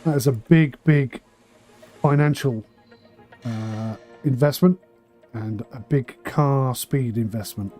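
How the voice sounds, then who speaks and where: A man's voice: medium pitch, slow pace, warm tone, soft background music. A man streaming a management game for charity, thinking aloud with dry asides and a slightly tickly throat. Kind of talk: casual charity livestream commentary.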